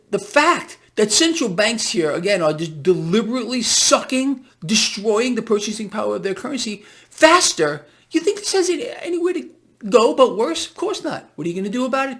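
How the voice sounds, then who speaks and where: A man's voice: sits high, a bit bright. A man with a runny nose giving emphatic, repetitive market commentary to his viewers in a casual vlog. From United States. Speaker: financial video blogger.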